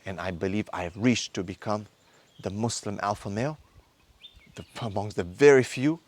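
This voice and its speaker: A man in his thirties giving an impassioned motivational lecture as a men's course instructor, hectoring his listeners with rapid-fire rhetorical questions. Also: lowish voice, a little mellow. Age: 30s.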